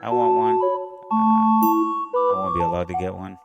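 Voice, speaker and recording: A man with an American accent giving casual, chatty reaction commentary, excitable and quick to laugh, with plenty of fillers. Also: deep voice, vocal fry, highs cut off, over loud music. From USA, South America and the Caribbean. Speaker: reaction video host.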